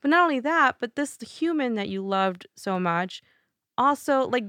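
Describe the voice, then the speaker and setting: A woman's voice: on the high side, animated, normal speed, a bit bright, no echo, clean studio sound. Reflective woman podcast host. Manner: sympathetic, reflective. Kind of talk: casual conversation.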